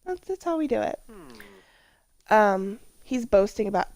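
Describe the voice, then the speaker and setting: A woman vlogger talking over her gameplay in an unhurried, gravelly voice. She drifts between stories from her week and reactions to the game, with casual swearing and sudden exclamations. The sound is dry and close. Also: medium pitch, animated, a little mellow, dry recording. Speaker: let's play vlogger. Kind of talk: casual gameplay commentary with rambling personal stories.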